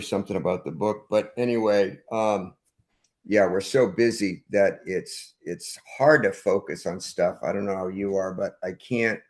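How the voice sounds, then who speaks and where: A man's voice: fairly low pitch, darkish tone. An older man, a punk band frontman, talking casually as a podcast guest, rambling and often cutting himself off mid-thought. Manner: rambling, self-interrupting, trails off. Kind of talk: casual conversation. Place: at home, dog nearby.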